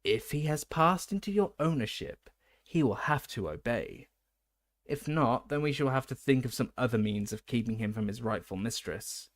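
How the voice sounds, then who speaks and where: A man playing an elderly wizard headmaster in a storybook reading. He speaks calmly and courteously, with measured, formal phrasing. His composure does not break. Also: medium pitch, dry recording, close to an everyday voice. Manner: calm, measured, politely formal. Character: old male wizard headmaster, calm and courteous.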